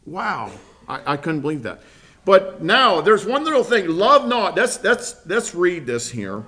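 A man teaching a Bible lesson to a small group, earnest and halting, often restarting his sentences. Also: a little high, very animated, sharp tone. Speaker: preacher.

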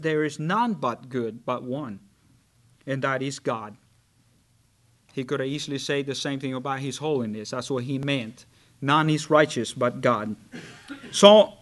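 Slow, high-pitched male preacher. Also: fairly bright tone. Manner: slow, earnest preaching with drawn-out scripture reading; rises in pitch and volume when stressing a point. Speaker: pastor. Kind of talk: sermon.

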